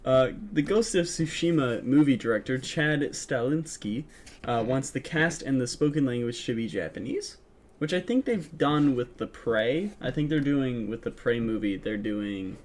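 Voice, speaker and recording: A man's voice: medium pitch, expressive, moderate pace, darkish tone. A young man co-hosting a podcast, chatting casually, joking and laughing often. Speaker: podcast co-host. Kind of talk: casual chat.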